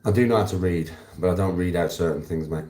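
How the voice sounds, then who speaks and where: A man's voice: sits low, fast, dark tone, echoey room. A young man with a Birmingham accent, casually chatting with his livestream viewers and answering them by name in a laid-back, slangy way. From Birmingham, England. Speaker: livestreamer reading chat.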